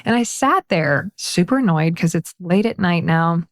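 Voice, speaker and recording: A woman guest on a podcast, telling a personal story in lively, casual conversation and laughing often. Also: lowish voice, normal speed.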